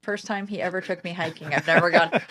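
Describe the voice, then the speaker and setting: Animated woman telling stories, co-hosting. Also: lowish voice, fast. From Oregon. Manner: animated storyteller, acts out quotes, laughs often. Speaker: podcast co-host. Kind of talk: casual podcast conversation.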